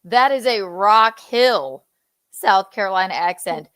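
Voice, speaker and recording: Slow, gossipy woman podcast host. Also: mid-range voice, expressive, fairly bright tone, clear, resonant tone, no room sound, clean studio sound. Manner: drawn-out, laughing, gossipy. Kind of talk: casual chat.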